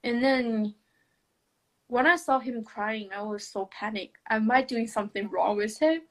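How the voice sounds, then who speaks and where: This woman's voice sits on the high side, and she takes her time as she recounts something personal in conversation. Soft laughs, many restarts, hesitation and non-native English grammar run through her telling.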